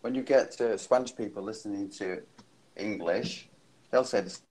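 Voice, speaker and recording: A man's voice: on the low side, moderate pace, darkish tone, rough recording. A man chatting casually on an online panel call, joking and imitating how others talk. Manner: chatty, jokey, mimics other people's speech. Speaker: panel guest. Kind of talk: casual group call chat.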